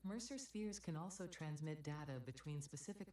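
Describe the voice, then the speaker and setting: A woman voicing a cheery corporate AI assistant in a game, calm and announcing with dry politeness. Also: low voice, normal speed, over a noisy crowd. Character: cheery corporate female AI, coldly dutiful. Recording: roomy, distant game audio.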